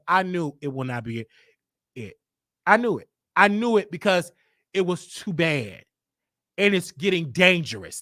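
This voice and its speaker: Lively, bright-voiced man telling a story. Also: high voice, no room sound, clean studio sound. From Chicago. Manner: animated and emphatic, repeats himself for effect. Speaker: show host. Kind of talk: casual storytelling monologue.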